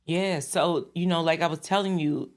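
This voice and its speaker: A woman's voice: low-pitched, moderate pace. A woman in her thirties from the Bronx with a New York accent, chatting as a guest in an interview with frequent laughs and restarts. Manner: animated and laughing, with many restarts and fillers. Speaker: guest recording artist. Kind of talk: casual interview chat.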